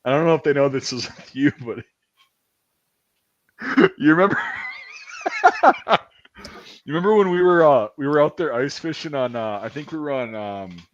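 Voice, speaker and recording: Thirties dude rambling and swearing, voice bounces all over, kinda dull lo-fi sound. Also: male voice, fairly high pitch, expressive, normal speed, long pauses. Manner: rambling, profane storytelling. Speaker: podcast host. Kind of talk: casual chat.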